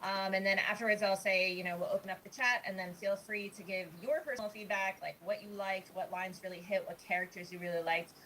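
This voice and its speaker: A woman's voice: medium pitch, fairly even intonation, a little fast, few pauses, sharp tone, a little hiss or hum, poor audio. A woman hosting a live script reading over a video call, chatty and upbeat, with plenty of fillers. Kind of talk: hosting a live table read.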